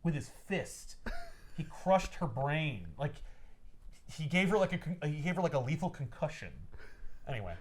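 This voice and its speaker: A man hosting a casual comic podcast chat, animated and swearing as he acts out scenes. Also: fairly high pitch, normal speed, long pauses, slight background noise.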